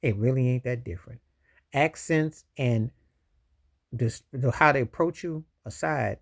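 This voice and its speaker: Male vlogger, mid-pitch with gravel in the voice, casual and emphatic reaction commentary. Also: a little slow. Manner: rambling, emphatic, preachy asides. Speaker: YouTube commentator.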